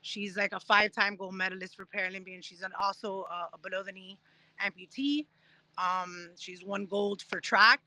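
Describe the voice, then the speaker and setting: Woman in her 30s chatting about her journey, super bright tone, dry close sound, acts out other people's lines. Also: medium pitch, moderate pace, no echo. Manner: animated, acts out quoted voices while telling stories. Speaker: guest, Paralympic discus thrower. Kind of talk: casual storytelling interview.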